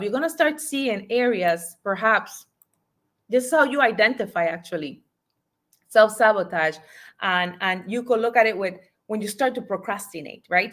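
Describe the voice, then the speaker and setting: A woman's voice: fairly high pitch, fairly bright tone. A woman, a life and business coach, giving emphatic motivational podcast talk and urging listeners to repeat affirmations.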